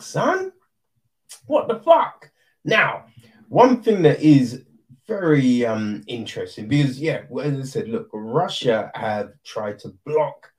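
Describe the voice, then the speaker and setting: A man's voice: mid-range voice, darkish tone. Exasperated man ranting. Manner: exasperated, swearing, rhetorical asides. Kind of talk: casual ranting commentary.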